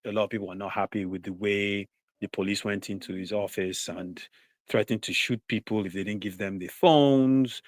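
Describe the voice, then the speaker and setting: A man on a live talk show panel, making a measured argument and often adding "you know". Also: fairly low pitch, steady tone, no echo. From southern Nigeria.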